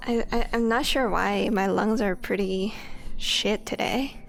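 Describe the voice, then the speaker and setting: A woman's voice: medium pitch, unhurried, gravelly, soft background music. A young woman streaming, chatting casually and laughing often while a little out of breath. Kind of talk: casual chat.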